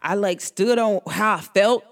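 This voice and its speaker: A woman's voice: medium pitch, measured pace. A woman hosting an astrology show, chatting casually in a rambling, slangy way and laughing often. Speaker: astrology podcast host. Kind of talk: casual chat.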